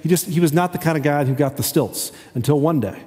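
A man giving a conversational sermon as a pastor, talking haltingly with many restarts. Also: on the high side, warm tone. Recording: long hall reverb.

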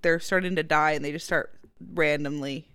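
A woman's voice: sits low, steady tone, normal speed, a bit bright, smooth, no echo. A woman co-hosting a podcast in casual chat, tired, with a dry teasing way of talking. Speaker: podcast co-host.

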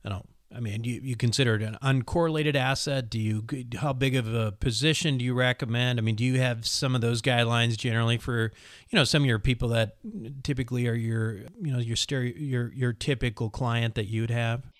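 A man interviewing a guest, asking halting questions that he rephrases as he goes. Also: medium pitch, steady tone, dry recording, clean studio sound.

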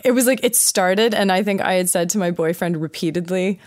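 A woman with a Southern American accent chats as a guest on a radio show. She tells stories in an animated way and laughs easily. Her voice sits fairly low for a woman. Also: fairly quick. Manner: animated storyteller, laughs often. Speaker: guest, theatre maker. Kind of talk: casual radio chat.

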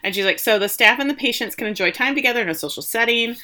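A woman casually recapping a TV episode with a co-host, acting out the characters' lines with lively quoted voices. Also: fairly high pitch, fast talker.

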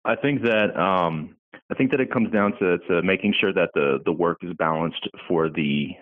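A man's voice: low-pitched, moderate pace, no echo. A man as a podcast guest, speaking emphatically and rising when he makes a point, heard over a remote call. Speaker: guest agency owner. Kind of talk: podcast interview. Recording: tinny phone-like call line.

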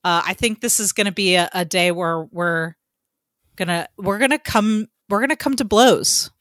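A woman's voice: medium pitch, moderate pace, fairly bright tone, no room sound, clean studio sound. A woman co-hosting a casual podcast, chatty and loose, with lots of ums and the odd swear word. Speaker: podcast co-host. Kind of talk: casual chat.

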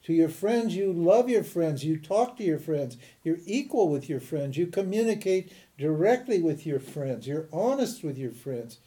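Mellow-voiced man teaching, animated and laughing. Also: a little high, normal speed, hardly any pauses. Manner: animated and chatty, laughs often, frequent restarts. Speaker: spiritual teacher. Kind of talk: informal lecture to a class.

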